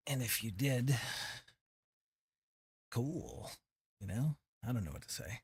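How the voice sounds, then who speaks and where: A man's voice: medium pitch, very animated, takes it slowly, gravelly, husky, dry recording. A man casually commenting while he streams a game, rambling and poking fun at himself. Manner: rambling, self-deprecating.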